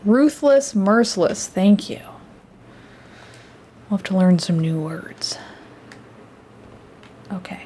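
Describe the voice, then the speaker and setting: A woman's voice: lowish voice, fairly even intonation, slow pace, long pauses, mellow, a little hiss or hum. A woman streamer chatting casually and reacting aloud as she plays a game. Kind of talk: casual let's-play commentary.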